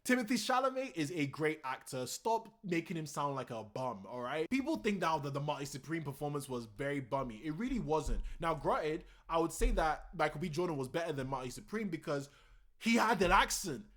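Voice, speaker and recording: A young man giving casual, opinionated commentary on his own channel, animated and full of slang. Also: fairly high pitch, brisk, hardly any pauses. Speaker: vlogger.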